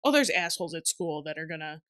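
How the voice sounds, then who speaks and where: A woman's voice: deep voice, animated, quick pace, a bit bright, dry recording. Woman guest on a chat podcast, blunt, dry jokes, lots of yeahs, close dry mic. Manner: blunt, dry humor, short agreeing replies. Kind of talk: casual chat.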